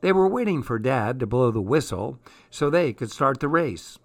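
A man reading a spooky children's story aloud, measured and steady. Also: medium pitch, vocal fry, no room sound. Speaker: story reader.

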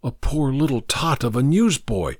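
A man voicing a kindly, burly doctor who speaks earnestly and gently. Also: medium pitch, big pitch swings, moderate pace, dry recording, clean studio sound. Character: kindly burly doctor, grave and warm-hearted.

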